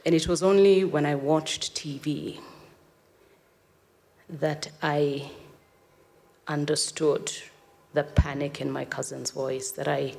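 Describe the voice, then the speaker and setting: A woman's voice: low voice, steady tone, slow pace, gravelly, long pauses, darkish tone. A woman from Kenya with a Kenyan accent, giving a dramatic storytelling talk and acting out the voices she quotes. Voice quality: vivid, acts out quoted voices. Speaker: speaker. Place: event hall. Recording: long reverb of a hall.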